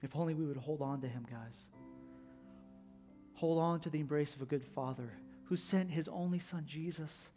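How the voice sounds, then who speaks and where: A man preaching a sermon, earnest and conversational, swinging between loud, urgent passages and soft, slow reflective ones. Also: on the high side, soft background music. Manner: earnest storytelling, rises to near-shouts retelling a film scene; drops to soft, slow delivery on reflective lines. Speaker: pastor.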